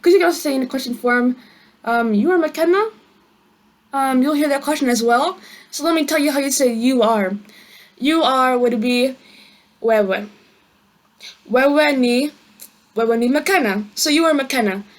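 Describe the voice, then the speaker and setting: A woman's voice: sits high, moderate pace. A woman giving a casual online language lesson, chatty, with many fillers and friendly asides. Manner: chatty, many fillers and "you know what I mean". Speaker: language teacher.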